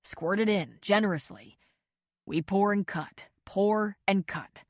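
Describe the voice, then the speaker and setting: Woman voicing a brisk commanding surgeon. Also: mid-range voice, dry recording, clean studio sound, natural voice. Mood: urgent, commanding. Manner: curt urgent orders.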